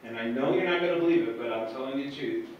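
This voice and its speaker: A man's voice: mid-range voice, racing, highs cut off, a little hiss or hum. A man telling a comic, self-mocking story to a live audience from the stage, recorded from far off in an echoey hall.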